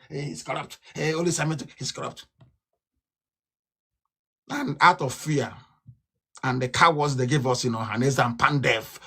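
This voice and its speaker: Nigerian man, political broadcaster, impassioned and combative, sharp bright tone, repeats his points. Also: husky. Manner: fiery, ranting, repeats himself, swings from loud outbursts to low mutters. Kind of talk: impassioned live broadcast speech.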